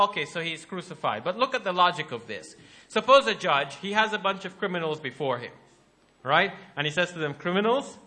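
High, bright-voiced male lecturer. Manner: animated, rhetorical, argues with questions. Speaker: Islamic lecturer. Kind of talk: religious lecture to an audience.

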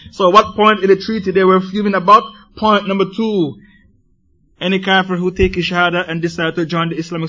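A man preaching a sermon to a congregation in an animated way, firing rhetorical questions at his listeners. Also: sits high, muffled recording.

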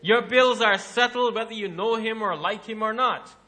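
A man giving a religious lecture to an audience, animated and rhetorical, arguing by asking questions. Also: high-pitched, normal speed. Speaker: Islamic lecturer.

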